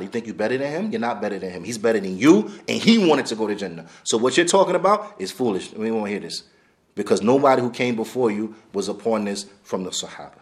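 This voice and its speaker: A man teaching a class on hadith, talking bluntly and casually with lively asides, dropping Arabic terms into his English. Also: medium pitch, fast talker. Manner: animated, blunt street-style talk, laughs, mixes in Arabic terms. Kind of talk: lecture on hadith.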